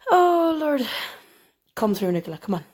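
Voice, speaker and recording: A woman's voice: high voice, very animated, normal speed, darkish tone. A woman co-hosting a podcast, chatting casually with crude, teasing humour and frequent laughter. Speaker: podcast co-host. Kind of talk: casual chat.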